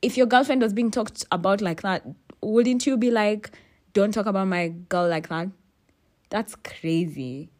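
A woman's voice: mid-range voice, a little slow, darkish tone. A young woman hosting a podcast, telling a candid, profane story with exasperated asides and frequent restarts. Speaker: podcast host.

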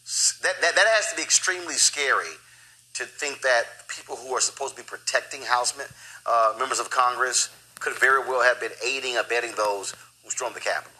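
A man's voice: mid-range voice, brisk, sharp tone, low-quality recording. A man hosting a news talk show, interviewing guests with emphatic, exclamatory questions.

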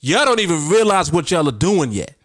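A man's voice: a little high, very animated, fairly quick, no echo, studio quality. A man hosting a podcast, coaching his listeners in a casual, emphatic and repetitive way. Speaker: podcast host and trading coach. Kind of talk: casual motivational talk.

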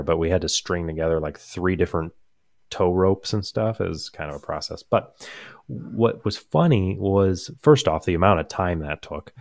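Deep-voiced young man telling a rambling story. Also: moderate pace, vocal fry, a little mellow, dry recording, clean studio sound. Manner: rambling, amused, lots of fillers and restarts. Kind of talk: casual storytelling chat.

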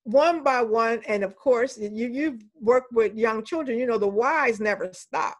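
A woman's voice: on the high side, unhurried. An older woman, a professor, telling anecdotes in a conversational interview and voicing the people she quotes.

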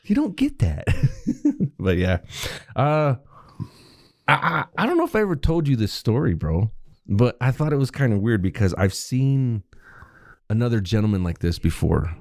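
A young adult man, a podcast co-host, telling a story in casual chat, profane and animated, laughing often. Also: mid-range voice, normal speed, long pauses, no echo, clean studio sound.

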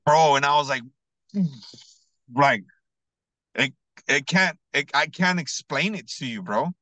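In slangy, casual podcast talk sprinkled with "bro" and "you know what I mean," a man tells a personal story. His voice is on the high side and a little slow, earnest at first and building to excited emphasis. The recording is rough but has no echo.

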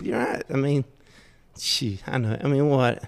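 Speaking a little slowly at a medium pitch, a middle-aged podcast guest with a Southeast Georgia drawl recounts self-deprecating stories, his voice edged with gravel. He chuckles a lot, and the long reverb makes it sound like a large room.

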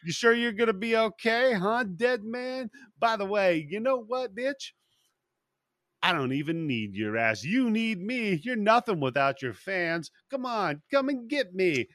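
Cocky young metalhead, jeering, pitched way up and loud, a man doing the voice. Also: sing-song, a little slow, no echo, studio quality, full character voice. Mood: taunting. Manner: mocking, jeering. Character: cocky young male metalhead taunting a demon.

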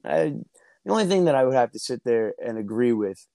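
A mellow, mid-range voice with big pitch swings and a fairly quick pace comes from a New Jersey man guesting on a podcast. Speaking on earbuds at an outdoor barbecue in a dry recording, he tells stories casually, with restarts and easy laughter.

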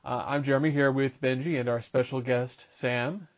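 A man hosting a casual podcast chat, introducing guests and running through topics in quick, chatty rundowns. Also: medium pitch, steady tone, lo-fi sound. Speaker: podcast host.

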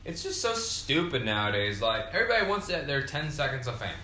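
A young man talks on his podcast with a bright, forward tone, loose and a little tipsy from beer. He meanders through his thoughts, swears freely and leans on fillers. The room gives his voice a noticeable echo. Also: medium pitch, very animated, brisk, slight background noise. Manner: profane, meandering, frequent fillers. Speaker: podcast host. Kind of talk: rambling casual monologue. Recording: roomy echo.

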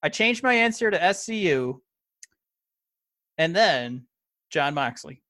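Bright, hesitant male podcast co-host. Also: a little high, big pitch swings, takes it slowly, no echo. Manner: hesitant, many fillers and restarts. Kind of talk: casual wrestling podcast chat.

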